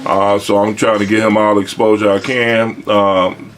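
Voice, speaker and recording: A man's voice: on the low side, level tone, moderate pace, slight background noise. A man hosting a casual chat in a basement, laid-back and chatty, laughing often. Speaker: host.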